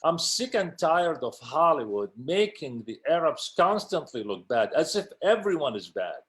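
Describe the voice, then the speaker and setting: A passionate man speaks as an interview guest, pressing each point hard and circling back to repeat it. His voice sits a little high for a man. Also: big pitch swings, normal speed. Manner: passionate, emphatic, repeats words. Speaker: casting director and producer, guest. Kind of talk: interview conversation.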